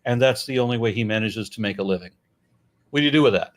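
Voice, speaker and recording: A middle-aged American man talking casually as a guest, blunt and profane, animated, with frequent restarts. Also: lowish voice, fast. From United States. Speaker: YouTuber and guest. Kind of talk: casual conversation.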